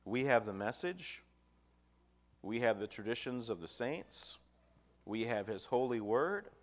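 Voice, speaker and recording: A man's voice: medium pitch, very animated, unhurried. A man preaching a sermon, reading scripture aloud with rising emphasis and putting rhetorical questions to his listeners.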